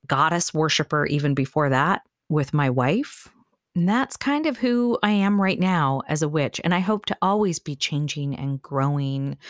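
A chatty woman co-hosting a casual podcast, with a low voice. She sounds enthusiastic and laughs often. The recording is dry and close. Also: no echo. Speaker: podcast co-host.

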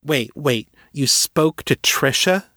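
A man's voice: a little high, lively intonation, slow, bright, forceful tone, dry recording, clean studio sound, voice pushed up, heavily acted. A man reading aloud and voicing a shaken, tearful young woman who talks in pleading bursts. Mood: distressed.

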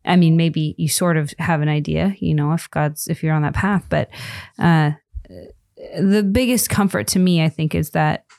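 Lower-pitched woman chatting about faith. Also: fairly even intonation, moderate pace, gravelly, darkish tone, no room sound, clean studio sound. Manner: chatty, many fillers and restarts. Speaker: co-host of a Christian parenting podcast. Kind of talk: casual faith conversation.

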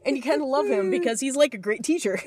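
A woman's voice: high voice, lively intonation, fast talker, darkish tone. A woman co-hosting a casual movie chat, eagerly retelling a film's plot and laughing often. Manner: enthusiastic, laughs often while explaining plots. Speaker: podcast co-host.

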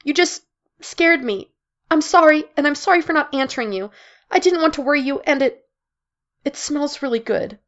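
An anxious young woman haunted by nightmares, as a storyteller puts her on, tense and on edge, with a gravelly fry in her voice. The reading comes through a dull lo-fi recording. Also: medium pitch, moderate pace, a little mellow, lightly acted. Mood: upset.

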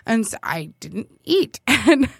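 A woman with a somewhat high, very lively voice, recounting a story in casual chat and laughing between lines. She slips into the voices of the people she quotes. The sound is close and dry. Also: slow pace, gravelly, breathy edge, no echo. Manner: animated, laughs often, acts out quoted lines.

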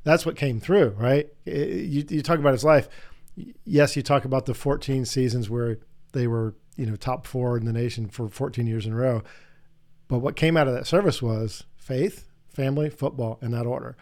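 A middle-aged podcast host interviews a guest, telling long, animated anecdotes in a casual, rambling way. His voice is mid-range and his speed normal.

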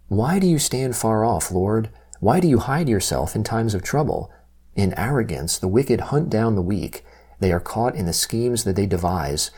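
Husky, mellow man reading scripture. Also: lowish voice. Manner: measured, steady reading. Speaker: scripture reader.

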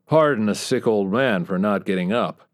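Sardonic ex-spy in his seventies, as the narrator voices him, lowish voice, dry quips, audiobook figure. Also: moderate pace, close to an everyday voice. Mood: easygoing. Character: wisecracking dying old male ex-spy, seventy.

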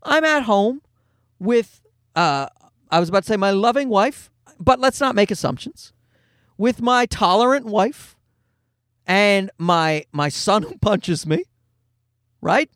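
Man in his forties, high voice, dry close sound, rambling wry comic talk. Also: lively intonation, slow, long pauses, a bit bright, dry recording. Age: 40s. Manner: rambling, wry storytelling with profanity. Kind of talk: casual comedic monologue.

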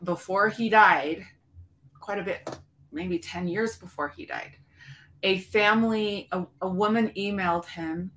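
A woman's voice: medium pitch, fairly bright tone, slight background noise. A woman co-hosting a podcast, speaking earnestly and with passion in casual conversation. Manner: earnest, impassioned. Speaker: podcast co-host.

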